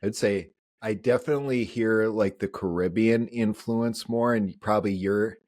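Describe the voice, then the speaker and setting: A man's voice: on the low side, steady tone, moderate pace, a little mellow, dry recording, studio quality. A man with a Minnesota accent, a veteran guest on a podcast, chatting casually and laughing often between rambling restarts. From upper Midwest of the United States. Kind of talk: casual conversation.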